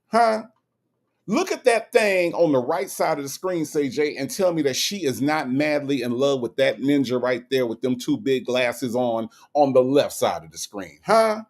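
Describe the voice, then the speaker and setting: A man hosting a livestream in a casual, teasing way. He reads viewer comments aloud and often checks in with "okay?" and "all right?". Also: fairly high pitch. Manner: animated and teasing, with many "okay?" asides. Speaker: livestream host.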